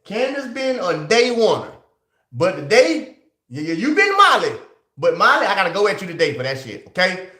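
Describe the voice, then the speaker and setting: A male livestream host who talks straight to his chat in an excitable, casual way. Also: high-pitched, moderate pace, reverberant.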